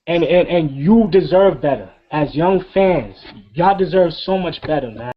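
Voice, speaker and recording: A man's voice: a little high, expressive, measured pace. A middle-aged man delivering an impassioned, profane rant as co-host of a review show. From New York. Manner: emphatic, profane, preaching. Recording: dull lo-fi sound.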